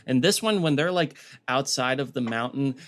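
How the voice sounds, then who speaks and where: A man's voice: medium pitch, expressive, moderate pace, a bit bright. A man co-hosting a podcast in casual chat, rambling with many fillers and slipping into goofy voices when he quotes people. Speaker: podcast co-host.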